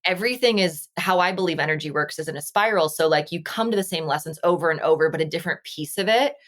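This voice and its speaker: A woman's voice: lowish voice, quick pace. A woman from Las Vegas, a podcast guest and energy healer, talking reflectively and earnestly in casual conversation over a video call. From Las Vegas, United States. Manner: reflective, earnest, acts out quoted dialogue.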